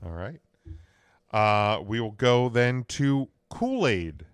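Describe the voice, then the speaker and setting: Chill guy hosting a pod, smooth clear voice, dry sound, lots of ums. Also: medium pitch, big pitch swings, takes it slowly, no echo. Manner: laid-back, hesitant, many fillers. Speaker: podcast host. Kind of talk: casual chat.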